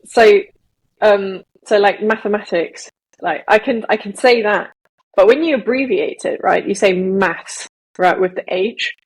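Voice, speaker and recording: Podcast co-host, woman from Malaysia, husky voice, chatty explainer. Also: mid-range voice, a little slow, low-quality recording. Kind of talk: casual chat.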